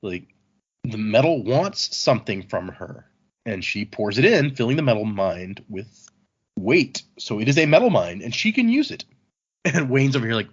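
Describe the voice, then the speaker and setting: A man recaps a story in casual podcast chat, his pitch lively and bouncing. His voice is a bit husky. The audio sounds dull and muffled. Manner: retells scenes, quoting characters in quick asides. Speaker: podcast host summarizing chapters.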